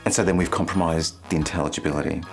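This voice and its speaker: A man hosting a singing lesson, speaking clearly and playfully and singing short phrases to show the point. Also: extremely low pitch, steady tone, racing, soft background music. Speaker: vocal coach and channel host.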